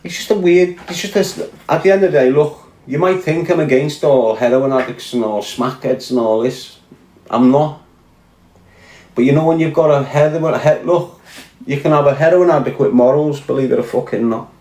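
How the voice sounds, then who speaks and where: A man's voice: mid-range voice, moderate pace, darkish tone. A man telling a story in a blunt, profane, accusing rant. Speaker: podcast guest. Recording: roomy echo.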